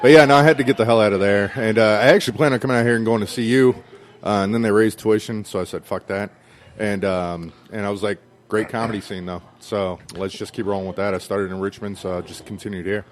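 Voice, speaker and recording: A man's voice: on the low side, steady tone, fast talker, a little hiss or hum. A male comedian from Cleveland chatting in a casual podcast interview, dry and offhand.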